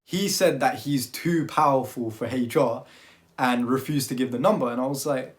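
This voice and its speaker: A young man with a British accent, telling a storytime vlog in an animated, slang-filled way. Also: medium pitch, normal speed. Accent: British, London slang. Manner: animated, slangy retelling with lots of "like". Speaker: vlogger.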